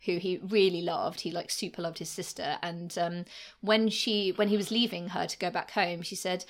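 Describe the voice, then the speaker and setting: A woman's voice: on the low side, little pitch movement, normal speed. A woman co-hosting a podcast, telling history stories in a chatty, casual way, with many "like" fillers and frequent laughs. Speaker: podcast co-host.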